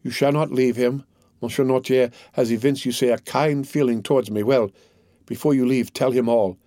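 A man voicing a sorrowful, resolute young man in love, read in a solemn, measured way. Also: medium pitch, warm tone, dry recording, clean studio sound, lightly acted. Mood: reassuring. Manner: solemn, measured, earnest reading. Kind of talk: audiobook character reading.

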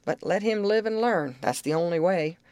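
A woman doing a grim, gruff old uncle. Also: on the low side, normal speed, darkish tone, dry recording, pitched above the performer's own voice, close to an everyday voice. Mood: defensive. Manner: gruff, self-justifying. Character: grim, defensive older uncle.

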